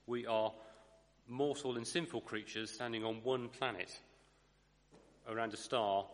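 A man's voice: fairly low pitch, a bit bright. Thoughtful man preaching in a hall. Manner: thoughtful, self-correcting, dry asides. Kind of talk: sermon.

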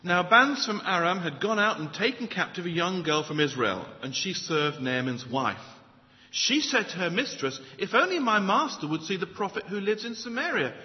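In a reverberant hall, captured on dull-sounding audio, a high-voiced man delivers a sermon at a moderate speed. He leads with a joke and keeps going as a lively storyteller, throwing rhetorical questions at the listeners.

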